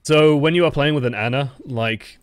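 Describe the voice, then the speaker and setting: A man's voice: mid-range voice, moderate pace, no room sound. A man giving casual, profanity-laced esports analysis of match footage. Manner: casual, profane, lots of "like" fillers. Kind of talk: live match analysis commentary.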